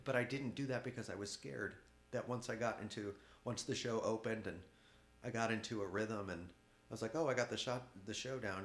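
A man, a guest artist, speaking candidly in an interview, halting with many restarts and occasional laughs. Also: lowish voice, echoey room.

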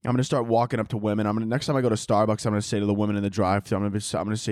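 A man's voice: lowish voice, flat delivery, rapid-fire, few pauses, darkish tone, no room sound. Rambling crude man, dry close sound. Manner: rambling, self-interrupting, crude jokes. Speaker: podcast host. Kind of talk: crude comedic rambling monologue. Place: home, downstairs by a Christmas tree.

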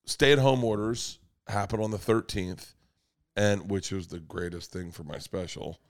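A man sits in as a podcast guest, spinning casual comedy anecdotes. He swears freely and his voice jumps up high when he cracks himself up. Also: a little slow. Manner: swearing, bursts into loud high laughter.

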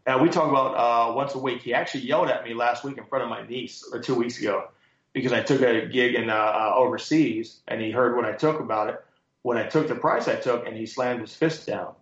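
A man being interviewed as a guest speaker, telling lively stories and quoting others with emphasis. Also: medium pitch, brisk. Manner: animated storyteller, quotes others with emphasis. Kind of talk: storytelling interview answers. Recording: echoey, muffled sound.

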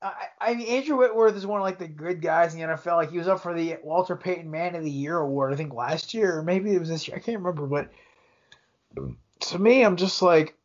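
Man, podcast co-host, high voice, jokey, dull lo-fi sound. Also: fast talker. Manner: jokey, animated storytelling. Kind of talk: casual chat.

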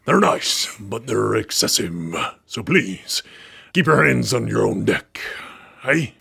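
A man voicing a gruff old male pirate captain, an old sea dog who drawls his lines with hesitant fillers. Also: medium pitch, expressive, slow, bright, forceful tone, pitched below the performer's own voice, heavily acted. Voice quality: gravelly, raspy. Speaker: podcast host.

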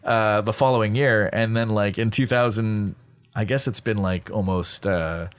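A middle-aged male voice actor chatting casually on a podcast, animated and full of fillers. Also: fairly low pitch, clean tone. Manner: fast, animated storytelling with many fillers. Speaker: guest voice actor.

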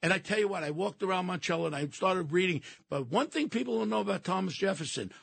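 A man calling in by phone as a regular guest on a talk radio show, ranting with passion and often shouting. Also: high-pitched, expressive, quick pace, gravelly, breathy edge, no room sound. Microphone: telephone.

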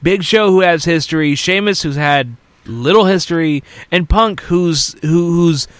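A man co-hosting a wrestling podcast, recapping a show in a rambling, halting way full of fillers and restarts. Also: on the high side, a bit bright, smooth, no room sound. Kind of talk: casual chat.

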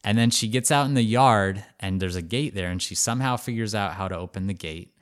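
A man co-hosting a podcast, telling a story in a casual, animated way with lots of "like" fillers. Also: on the low side, a little fast. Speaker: podcast co-host.

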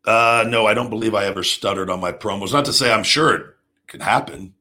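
A man's voice: on the low side, fairly quick, pushed and bright. A man hosting his own talk show, a pro wrestler who talks in a brash, profane way and acts out wrestling moves with rising energy. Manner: profane, brash, swears constantly. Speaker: podcast host and pro wrestler. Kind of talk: unscripted solo talk.

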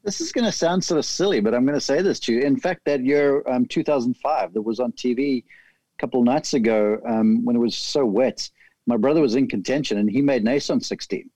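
A man tells an animated story in a casual chat. His voice is mellow and warm. It sounds dry and close. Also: mid-range voice, a little fast, no echo, rough recording. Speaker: golf analyst guest.

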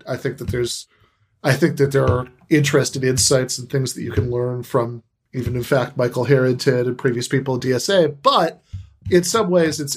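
Halting male podcast guest. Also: mid-range voice. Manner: halting, reaches for analogies. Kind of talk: casual political chat.

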